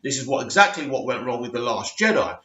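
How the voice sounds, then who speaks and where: A man's voice: medium pitch, sing-song, quick pace, sharp tone, echoey room, dull audio. A middle-aged man giving a blunt, emphatic film review rant, stressing points and often asking "right?". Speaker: movie review vlogger.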